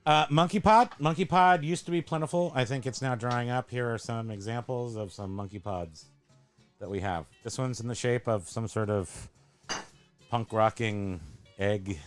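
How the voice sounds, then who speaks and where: A man's voice: fairly low pitch, normal speed, soft background music. A man hosting a casual show-and-tell chat at a home tiki bar, rambling and joking as he corrects himself. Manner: rambling, jokey, self-correcting. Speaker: host.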